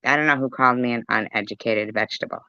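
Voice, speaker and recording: A woman's voice: a bass voice, quick pace, pushed and bright, clean tone, no echo, muffled recording. A woman livestreaming and reading chat aloud, ranting furiously with a stream of profane insults. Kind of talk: angry livestream rant.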